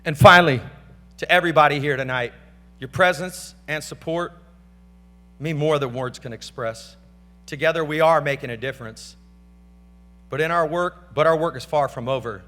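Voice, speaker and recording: A man's voice: fairly high pitch, moderate pace, long pauses, pushed and bright. Middle-aged man giving a loose gala speech. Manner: loose, slangy and off-script, hollering thanks to family and friends. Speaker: award speaker at a gala. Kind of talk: casual acceptance speech. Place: large banquet hall. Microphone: stage microphone. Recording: reverberant banquet hall with faint hum.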